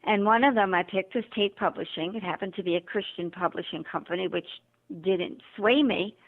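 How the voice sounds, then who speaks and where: A woman's voice: medium pitch, moderate pace. A woman guest, an author and motivational speaker, telling her story in an interview and acting out the dialogue. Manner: animated, acts out quoted dialogue. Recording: tinny phone line.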